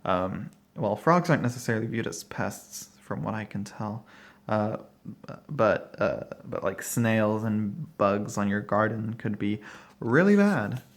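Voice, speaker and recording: A man's voice: fairly low pitch, animated, measured pace. A man casually walking through a tarot deck at home, rambling and thinking aloud with many fillers and short laughs. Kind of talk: casual walkthrough talk. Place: at home, dog barking nearby.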